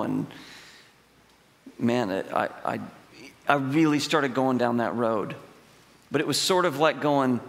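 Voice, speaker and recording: A middle-aged man preaches a sermon in a large church, telling stories conversationally and acting out quotes with emphasis. His medium-pitched voice is slow and creaky with long pauses, and the recording has long hall reverb.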